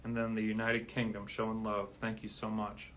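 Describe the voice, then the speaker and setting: Man, livestreaming musician, monotone delivery, a bit winded, faint hiss behind. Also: lowish voice, moderate pace. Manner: steady counting, then grateful rambling. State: out of breath. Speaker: drummer streaming live. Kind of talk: casual livestream talk.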